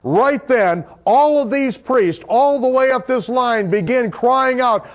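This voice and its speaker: A man's voice: very high voice, takes it slowly, few pauses. A man teaching the Bible as a dramatic story. His telling builds in intensity, with loose, conversational phrasing. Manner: vivid retelling that builds in intensity, shouting out quoted cries.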